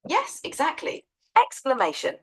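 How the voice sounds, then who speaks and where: An AI assistant with a woman's voice, patiently and encouragingly coaching pronunciation in a measured way. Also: high-pitched, wildly swooping pitch, fairly bright tone, rough recording.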